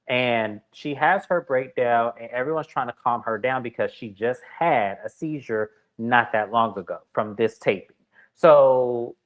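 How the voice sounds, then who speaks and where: A man's voice: mid-range voice, rough recording. A man with a mid-range voice hosts a chatty reality TV recap. He talks casually and animatedly, acting out what the cast said. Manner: animated, retells scenes with quoted voices.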